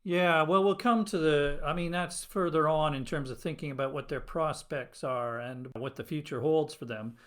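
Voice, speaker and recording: A man hosts a podcast discussion with an engaged, enthusiastic manner. His voice sits a touch higher than most men's. He asks his questions with clear interest. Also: moderate pace, few pauses, a bit bright. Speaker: podcast host.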